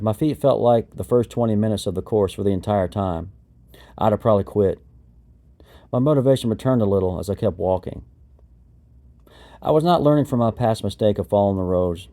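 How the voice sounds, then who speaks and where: Male narrator for a first-person memoir audiobook: a lowish voice, steady and matter-of-fact.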